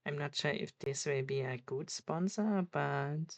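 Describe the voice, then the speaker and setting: Brief: deep, slow woman streamer, halting, dry close sound. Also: no echo. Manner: halting, searching for words, with restarts. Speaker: streamer reacting to a video. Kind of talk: casual reaction commentary.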